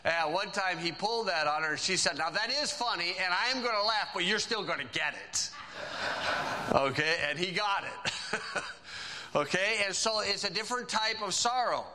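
A man preaching a sermon, reading scripture aloud and stressing key phrases with slow, drawn-out emphasis. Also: sits high, animated, bright, forceful tone, low-quality recording.

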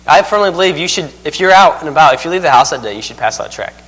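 A man's voice: a little high, expressive, rapid-fire, a bit bright, slightly rough. Folksy preaching man in reverberant church. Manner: chuckles through his own anecdotes, folksy. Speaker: missionary preaching. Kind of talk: sermon with humorous stories. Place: church sanctuary. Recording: long reverb of a church hall.

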